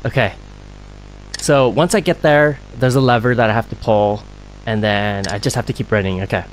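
A man giving live gameplay commentary as a streamer, excitable and panicky, laughing often. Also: lowish voice, a little fast, a little hiss or hum. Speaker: game streamer.

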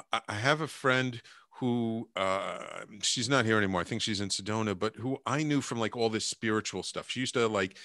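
A middle-aged man talks through a personal story at an easy conversational pace. His voice lifts sharply whenever he acts out what someone said. The sound is close and dry. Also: dry recording. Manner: animated, acts out quotes with rising pitch. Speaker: podcast guest, healer and coach. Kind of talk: casual storytelling.

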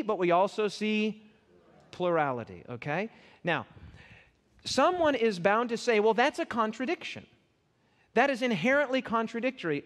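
Male preacher, high animated voice, questions the crowd, big hall reverb. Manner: emphatic, questioning the audience. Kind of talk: sermon.

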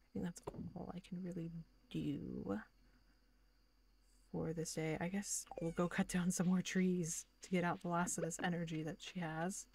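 A woman's voice: lowish voice, level tone, normal speed, creaky, darkish tone, breathy edge. A woman streaming a farming game, chatting casually and rambling with lots of filler words. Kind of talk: casual gaming commentary.

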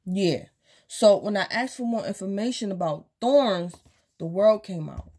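A woman's voice: mid-range voice, lively intonation, measured pace, warm tone, breathy edge. A woman casually giving a tarot reading, speaking straight to the viewer and acting out quotes from imagined people. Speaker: tarot reader.

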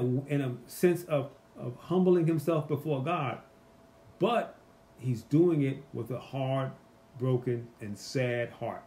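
A man with a slightly high voice teaches a Bible study in a relaxed, conversational way. He speaks with animated emphasis and keeps putting rhetorical questions to his listeners.

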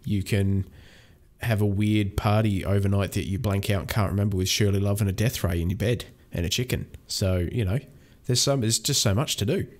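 A young gaming channel host with a fairly low, darkish voice speaks briskly over his let's-play of a video game. He chats casually and rambles, often restarting and using many fillers.

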